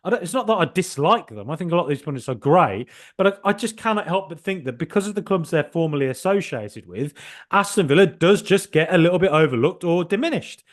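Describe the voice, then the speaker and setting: Animated man in football chat. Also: a little high, fast. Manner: animated, joking, swears casually, trails off and restarts. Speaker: podcast host. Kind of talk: casual football podcast chat.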